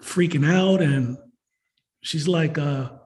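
A man's voice: on the high side, slow pace, darkish tone. A man, giving a rambling, emotional personal testimony at a recovery meeting, full of "you know" and "like.". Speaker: recovery meeting member sharing.

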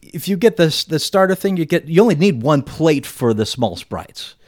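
A man's voice: on the high side, big pitch swings, normal speed, darkish tone, no room sound, clean studio sound. A man co-hosting a casual podcast chat, talking in an easygoing, enthusiastic way. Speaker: podcast co-host.

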